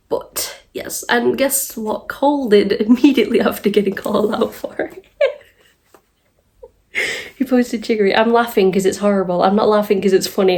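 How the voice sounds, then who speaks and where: Young woman, from the UK, casual commentary vlog, chatty, exasperated, mid-pitched voice. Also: gravelly, darkish tone. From United Kingdom. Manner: chatty, exasperated, nervous laughter, many ums. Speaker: YouTube commentator.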